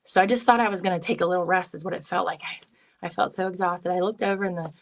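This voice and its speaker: A woman with a low, gravelly voice sits as an interview guest and tells a personal story. She is a psychic medium who speaks earnestly and with feeling, often acting out her own past thoughts. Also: steady tone, quick pace. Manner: earnest and emotional, retelling with self-quotes.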